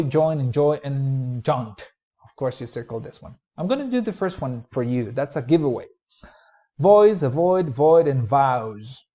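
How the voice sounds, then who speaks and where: Mellow-voiced man teaching pronunciation. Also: medium pitch. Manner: explanatory, slows to model words clearly. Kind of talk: recorded online lecture.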